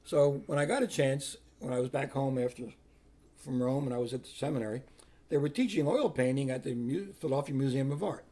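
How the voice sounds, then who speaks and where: A man's voice: mid-range voice, fairly quick, mellow. An older man, once a priest, telling his life story plainly in an interview and acting out other people's words. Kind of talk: personal storytelling.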